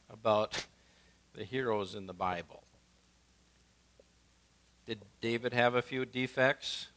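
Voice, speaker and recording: A male pastor preaches in a clear, bright voice. His delivery swings between forceful, emphatic lines and quiet, hushed ones. His pitch sits in the middle of the male range. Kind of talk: sermon.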